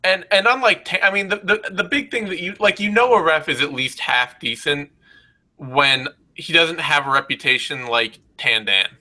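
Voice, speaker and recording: Man, co-host, very bright edgy voice, blunt, emphatic, swears a lot, casual fight talk. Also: fairly high pitch, moderate pace, rough recording. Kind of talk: casual post-fight analysis chat.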